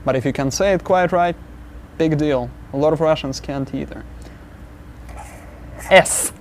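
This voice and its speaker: A man teaching an alphabet lesson, sounding out each letter slowly and patiently, repeating sounds for the learner. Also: on the high side, a little mellow, a little hiss or hum. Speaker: language teacher.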